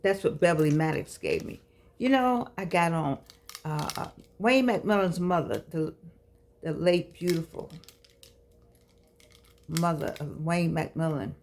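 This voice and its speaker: Woman, 60s, folksy and preachy, gravelly edge, chatty motivational vlog. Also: lowish voice, unhurried, long pauses, darkish tone, slight background noise. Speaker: vlogger speaking to seniors. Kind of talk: casual motivational talk to camera.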